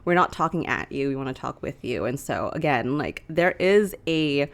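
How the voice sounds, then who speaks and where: A young woman co-hosting a casual podcast chat from a small living room, chatty and quick to laugh. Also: extremely low pitch, expressive. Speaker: podcast co-host.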